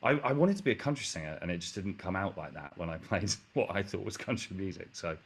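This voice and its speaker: A man's voice: deep voice, animated, fast, husky. An English man with an English accent, a musician guest chatting casually and rambling with self-corrections and casual swearing. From England. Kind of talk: casual interview chat.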